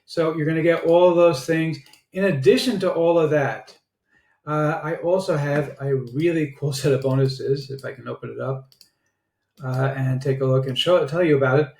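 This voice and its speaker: A man giving a casual product review and sales pitch, chatty and sprinkled with filler "uh"s. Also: steady tone, normal speed, darkish tone. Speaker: online marketer reviewing software. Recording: roomy echo.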